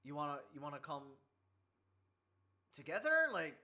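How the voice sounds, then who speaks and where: Bright-voiced boisterous young man. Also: a little high, very animated, moderate pace. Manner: teasing, boisterous, prone to shouting. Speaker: streamer. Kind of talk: casual chat.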